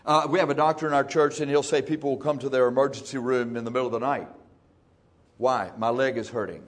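A man's voice: medium pitch, flat delivery. Guy preaching in church, folksy and punchy, speeds up then drags words out. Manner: folksy, emphatic, shifting between fast and slow. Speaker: pastor. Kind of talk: sermon.

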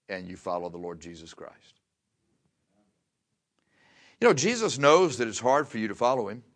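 A man's voice: mid-range voice, a bit bright. A man preaching, telling a Bible story in a folksy way and acting out the voices. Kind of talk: sermon.

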